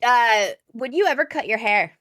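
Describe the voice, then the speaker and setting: A woman's voice: fairly high pitch, lively intonation, moderate pace, fairly bright tone. A woman co-hosting a podcast, chatting supportively with a guest and reading out viewer questions. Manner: supportive, reads chat questions aloud. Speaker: podcast co-host. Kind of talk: casual interview chat.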